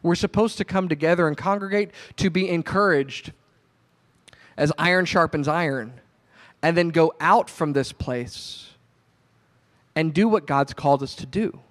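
A man's voice: on the high side, unhurried. A male pastor giving a sermon in a conversational, storytelling way. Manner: conversational storytelling, animated retelling.

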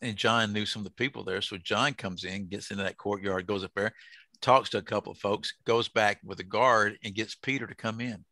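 A man's voice: on the low side, fairly even intonation, brisk, bright, forceful tone, dry recording. Folksy man teaching Bible study. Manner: folksy, joking, asks the group questions.

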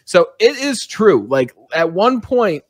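A man's voice: high voice, big pitch swings, slow pace, slightly rough, no room sound, clean studio sound. A man hosting a podcast, telling a personal story in an earnest, talkative way. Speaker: podcast host. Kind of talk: conversational interview.

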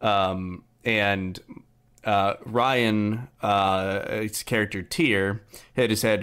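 Young man, podcast host, casual chat, lowish voice, rambling storyteller. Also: steady tone, slow pace, a bit bright, clear, resonant tone. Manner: rambling, filler-heavy storytelling. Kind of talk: casual chat about tabletop gaming.

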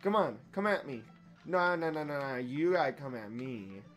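A young man giving casual let's-play commentary, profane and excitable, trash-talking the boss and yelling when he wins or loses. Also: fairly high pitch, normal speed, soft background music. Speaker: gaming YouTuber.

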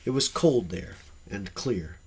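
A man with a husky voice reading an audiobook in an expressive, varied storytelling manner. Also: fairly low pitch, slow, slight background noise. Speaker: audiobook reader. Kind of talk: audiobook narration.

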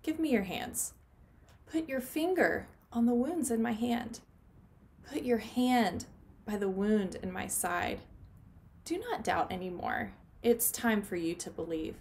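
Woman reading storybook Jesus, gentle man, calm, soft, reassuring. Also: fairly high pitch, unhurried.

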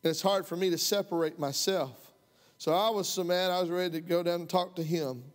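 A man's voice: high-pitched, fairly even intonation, a little fast. A man preaching a sermon as pastor, folksy and impassioned, rising to heated outbursts. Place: church sanctuary. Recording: long hall reverb.

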